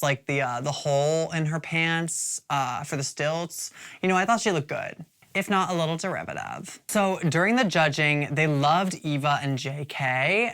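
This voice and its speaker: A woman's voice: low voice, a bit bright. A woman hosting a casual review of a drag competition show, chatty and swearing freely, with lots of "like" and "you guys.".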